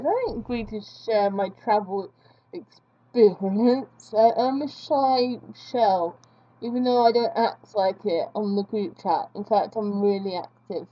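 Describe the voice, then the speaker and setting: Slow-talking young woman rambling. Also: mid-range voice, dull audio. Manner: rambling, self-mocking chatter. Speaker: art vlogger. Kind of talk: casual chat while drawing.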